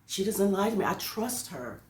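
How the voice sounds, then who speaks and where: A woman's voice: medium pitch, big pitch swings, normal speed, far from the mic, lightly acted. Earnest little schoolboy, as a woman puts him on. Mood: insistent. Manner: hushed, insistent. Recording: echoey room.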